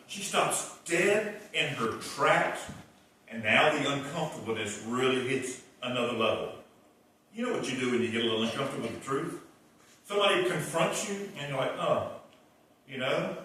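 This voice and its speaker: Man, revival preacher, storytelling sermon, bright and animated, booming hall echo, a bit off-mic. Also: normal speed, slight background noise. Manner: animated, acts out the characters' lines in voices. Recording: echoey hall, distant mic.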